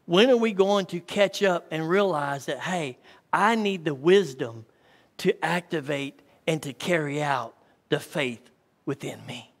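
Unhurried and on the high side, a man's voice fills a church hall with long reverb. He is a pastor preaching in a folksy storytelling way and calling out to his congregation.

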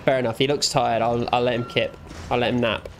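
A man's voice: mid-range voice, little pitch movement, brisk, slight background noise. A young man giving playful let's play commentary, teasing and talking back to the game's characters. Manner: jokey, teasing, talks back to game characters. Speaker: gamer.

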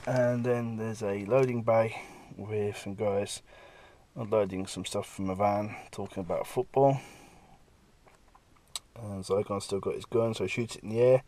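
A comic artist talking casually through pages he has drawn, lively, now and then slipping into quick character voices. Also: on the low side, slight background noise. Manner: lively, breaks into brief character voices while retelling scenes. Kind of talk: casual walkthrough of his own work.

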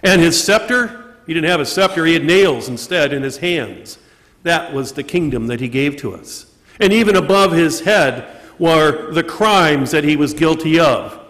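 A man preaching a sermon with a high voice for a man, asking questions and answering them himself. He slows down to stress key words. The sound carries the long reverb of a large church. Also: animated, fairly bright tone. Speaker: priest. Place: church during Mass.

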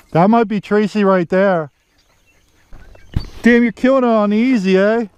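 A man filming himself bass fishing from a boat outdoors, cheering on every catch with casual commentary. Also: takes it slowly, slight background noise. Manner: excited, cheers on fish with stock phrases. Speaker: fishing vlogger.

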